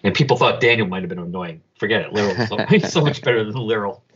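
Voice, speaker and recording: A man co-hosting a casual podcast, reading out and describing a comic in an animated, joking way, on a dull lo-fi recording. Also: lowish voice, quick pace, husky. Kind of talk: casual read-along chat.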